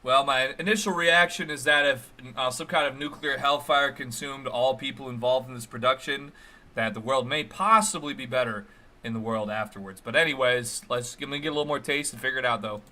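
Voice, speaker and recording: A man's voice: medium pitch, brisk, pushed and bright. A man hosting a live stream, reacting to a video with sardonic, dry commentary. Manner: sardonic, dry mocking remarks.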